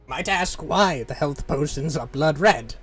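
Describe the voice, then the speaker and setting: A man voicing an eccentric old male alchemist merchant, with a scratchy, gravelly voice and slow, drawn-out, theatrical sales patter, improvised during a game stream. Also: fairly high pitch, animated, a bit bright, faint music behind, heavily acted. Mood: sly.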